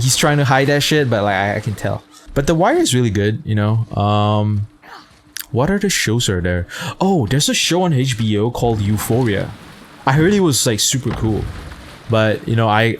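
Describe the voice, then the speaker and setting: A man's voice: mid-range voice, slight background noise. A man chatting casually as a streamer, rambling, profane and laid-back, often laughing at his own jokes. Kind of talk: casual chat.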